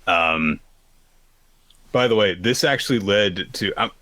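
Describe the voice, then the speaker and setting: Deep-voiced man recapping manga casually. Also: expressive, slow, bright, forceful tone, no room sound. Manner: rambling, acts out characters' lines with pitched-up quotes. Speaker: podcast co-host.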